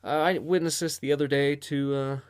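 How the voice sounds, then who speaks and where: A man's voice: fairly high pitch, steady tone, fairly quick, clear, resonant tone. Man on a profane podcast rant. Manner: profane, exasperated ranting. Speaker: podcast host. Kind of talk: casual ranting monologue.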